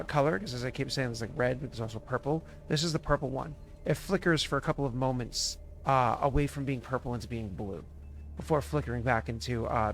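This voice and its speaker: A man's voice: mid-range voice, vocal fry, a little hiss or hum. A man narrating as game master, rambling and filled with ums and uhs.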